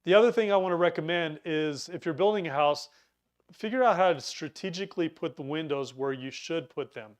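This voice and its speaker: A man's voice: on the high side, brisk. A man giving a casual preparedness lesson, chatty, often stumbling over words and restarting his sentences. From Utah. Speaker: preparedness instructor. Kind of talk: informal teaching talk.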